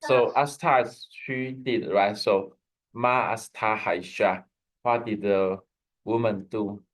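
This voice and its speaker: A man's voice: fairly low pitch, fairly even intonation, takes it slowly, low-quality recording. A man teaching a Hebrew lesson over a video call, explaining patiently with frequent restarts and fillers. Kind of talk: online language lesson.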